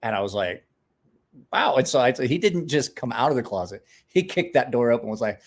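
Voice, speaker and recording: A man's voice: mid-range voice, expressive, fast. A man chatting casually on a live stream, rambling, restarting words, and talking to his dog in between.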